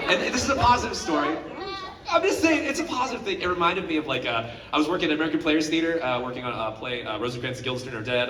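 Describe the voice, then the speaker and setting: A man's voice: medium pitch, a bit bright, slight background noise. A man in his thirties, a voice actor on a convention panel, telling a heartfelt story with lots of fillers. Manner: earnest, emotional storytelling with many fillers. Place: large convention hall. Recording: echoey hall, recorded from far off.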